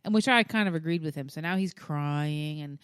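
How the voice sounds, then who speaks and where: A woman with a deep, smooth voice speaks a little fast in a dry, clean studio recording. Co-hosting a podcast, she chats casually as a mother, animatedly acting out what her family members said and laughing often.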